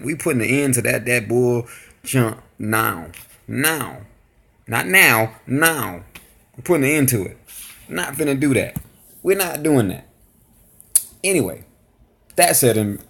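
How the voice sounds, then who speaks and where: A reaction video host chatting loosely to his viewers. His voice has a gravelly fry at mid pitch. He meanders and apologizes as he talks. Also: fairly bright tone. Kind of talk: casual chat to camera.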